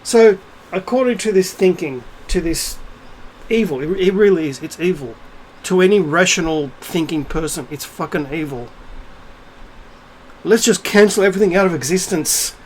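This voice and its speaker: A man with a somewhat high voice rants to camera in a profane, sarcastic and indignant way. He keeps tossing out rhetorical questions and "um"s between jabs. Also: moderate pace, slight background noise. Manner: rhetorical asides and frequent fillers. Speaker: video creator. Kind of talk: ranting monologue to camera.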